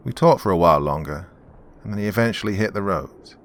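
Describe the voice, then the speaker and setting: A man narrating a horror story in a measured, grim storytelling manner. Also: sits low, animated.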